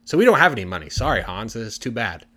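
A careless old farmer father from a spoken fairy tale, put on by a male storyteller. He sounds breezy and offhand, with a lively pitch. The voice stays close to an everyday voice. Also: fast talker.

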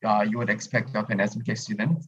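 A man, a student in a casual podcast discussion, thoughtful and pausing often with "um". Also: fairly low pitch, flat delivery, fairly bright tone, husky, muffled recording. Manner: thoughtful, many "um" pauses.

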